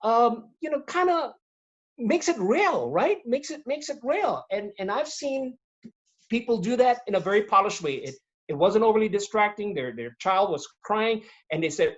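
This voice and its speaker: A man speaking as a guest on a video-call webinar, giving practical tips in an animated way, acting out examples as he goes. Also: sits high, moderate pace, highs cut off. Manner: animated, demonstrates tones and voices while explaining. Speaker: guest speaker on presentation skills. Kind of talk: webinar interview answers.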